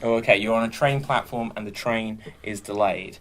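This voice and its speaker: A man hosting improv games, laughing and throwing in quick apologetic asides. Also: lowish voice, fairly bright tone. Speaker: improv show host.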